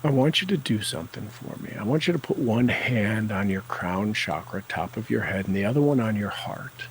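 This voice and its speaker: A man guiding a tapping session, speaking affirmations slowly and deliberately for the listener to repeat. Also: on the low side, expressive, a little hiss or hum, low-quality recording. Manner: slow, deliberate, coaching tone.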